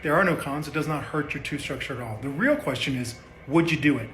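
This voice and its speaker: A man talks through a short social video in a promotional voice-over, putting questions to the viewer and answering them himself. His voice sits slightly high for a man. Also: fast talker, fairly bright tone, a little hiss or hum. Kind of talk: clip voice-over.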